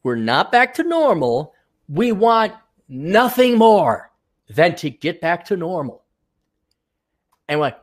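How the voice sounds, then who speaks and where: A man's voice: high-pitched, very animated, slow, long pauses. A man hosting a podcast, ranting in an exasperated, sarcastic and profane way. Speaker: podcast host. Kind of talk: ranting monologue.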